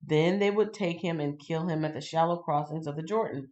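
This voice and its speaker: Woman, lowish voice, casual Bible reading, chatty, talks straight to viewers. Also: fairly quick, highs cut off. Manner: chatty, addresses viewers directly; animated, laughs and greets viewers. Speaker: livestream host. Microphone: livestream.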